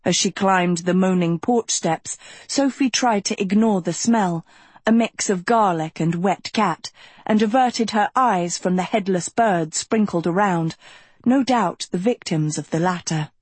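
A woman reads an audiobook aloud in a slow, measured storytelling manner. Her voice is breathy. The recording is close and dry. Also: medium pitch, darkish tone, dry recording. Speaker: narrator. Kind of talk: audiobook narration.

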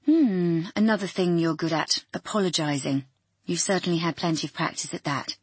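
A woman's voice: on the low side, moderate pace, slightly rough, no room sound. A woman voicing a condescending, sarcastic male psychiatrist in an audiobook. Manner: sarcastic, belittling.

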